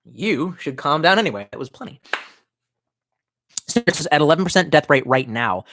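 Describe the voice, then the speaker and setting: A male streamer talks off the cuff, cursing and wandering from one thought to the next while he answers chat. His pitch swings widely, and the sound is dry and close on a desk mic. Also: sharp tone, no echo. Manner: profane, rambling, reacts to chat. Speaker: live streamer. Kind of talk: casual live-stream chat.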